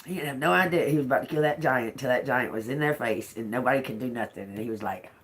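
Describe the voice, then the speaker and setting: Her pitch is extremely low and her delivery fast as she does a casual tarot reading. The woman spins animated stories, laughs frequently, and swears freely.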